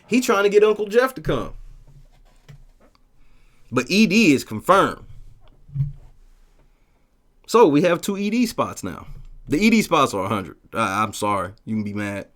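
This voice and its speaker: A man hosting a casual livestream, talking profanely and telling stories with lively shouted bits as he reads the chat. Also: medium pitch. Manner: profane, animated storytelling with shouted quotes. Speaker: livestream host reading chat.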